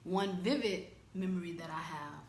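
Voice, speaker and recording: A woman from the United States giving a candid, searching personal reflection, with halting restarts. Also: fairly low pitch, roomy sound, a little hiss or hum. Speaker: vlogger.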